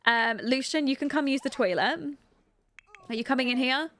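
A woman's voice: sits high, moderate pace, a bit bright, no echo. A young British woman chatting casually while streaming a life-simulation game, reading and answering chat and giggling often. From Britain. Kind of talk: casual gameplay commentary.

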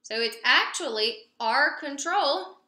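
A young woman teacher walks young pupils through a phonics lesson at an unhurried pace, waiting for their answers and praising them. Her voice is very bright and fairly high. The room around her sounds echoey. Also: lively intonation. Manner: patient, prompting and praising pupils with pauses. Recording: roomy echo.

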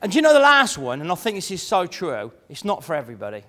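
A man giving a lively motivational seminar talk to an audience, chatty and full of mimicked voices. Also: high voice, fast. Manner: animated, conversational, mimics imagined voices. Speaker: motivational speaker. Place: large room before an audience. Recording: echoey hall.

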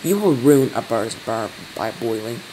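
A man's voice: medium pitch, expressive, normal speed, a little mellow, a little hiss or hum, voice pushed down, natural voice, low-quality recording. A man voicing a fawning male chef with a French accent in a storybook reading. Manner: eager, fawning.

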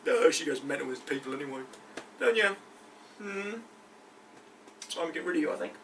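A man's voice: fairly high pitch, lively intonation, normal speed, a bit bright. A man, a guest player, joking cheekily in casual chat over a tabletop game. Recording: distant mic, noisy room.

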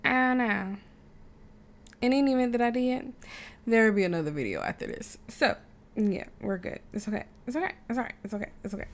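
A woman's voice: on the high side, fairly quick. Chatty woman narrating her game. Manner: animated, chatty, laughs often. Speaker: gaming YouTuber. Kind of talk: casual gameplay commentary.

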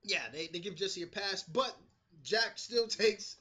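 Casual New male reviewer, high and bright, excitable and profane. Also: measured pace. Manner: animated, swears freely, acts out quotes. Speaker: TV episode reviewer. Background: street construction noise.

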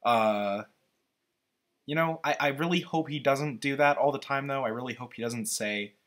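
A man's voice: mid-range voice, normal speed, fairly bright tone. A man giving casual, rambling, opinionated commentary while reacting to a movie trailer.

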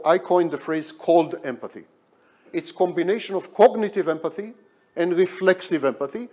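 A man's voice: on the high side, darkish tone. Emphatic man giving a lecture. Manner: emphatic, repeats key words. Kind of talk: academic lecture. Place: hospital lecture hall.

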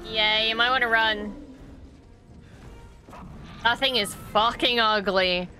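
Young Irish woman, reaction vlogger, excitable and sweary, bright tense tone, faint music behind. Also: a little high, takes it slowly. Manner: excitable, gushing, swears freely. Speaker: reaction video host. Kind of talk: casual reaction commentary.

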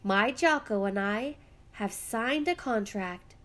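A woman voicing a brisk, chatty neighbor in a storybook, matter-of-fact in tone. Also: medium pitch, expressive, a bit bright.

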